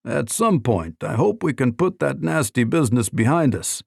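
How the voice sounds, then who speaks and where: A man voicing a stiff older foreign minister with a heavy Russian accent, speaking in a slow, guarded and evasive way. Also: mid-range voice, sing-song, gravelly, darkish tone, breathy edge, dry recording, studio quality, voice pushed up, exaggerated voice.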